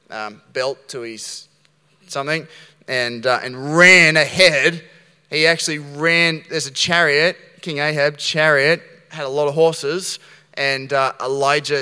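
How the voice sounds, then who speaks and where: A pastor preaches a lively sermon, acting out Bible scenes and restarting sentences as he goes. His medium-pitched voice is bright and clear, ringing out with the long reverb of a big church hall.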